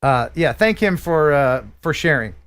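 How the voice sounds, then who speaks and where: A man's voice: on the high side, lively intonation, normal speed, fairly bright tone. A man hosting a casual live stream, exclaiming and laughing often as he chats. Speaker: host.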